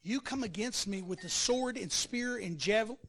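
A man's voice: high-pitched, normal speed, fairly bright tone. A male pastor preaching a sermon, telling the story with energy and acting out quotes and sound effects.

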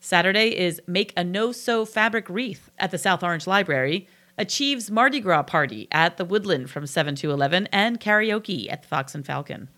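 A woman's voice: lowish voice, expressive, normal speed, fairly bright tone. A woman from New Jersey co-hosting a casual local events podcast, reading listings and laughing often. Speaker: podcast co-host.

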